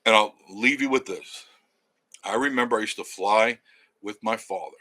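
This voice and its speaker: A man's voice: fairly low pitch, moderate pace, sharp tone. A man in his sixties from Long Island, hosting a travel channel, telling a rambling personal story in a casual monologue and chuckling as he goes. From Long Island, New York. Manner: rambling, anecdotal, chuckles as he tells it.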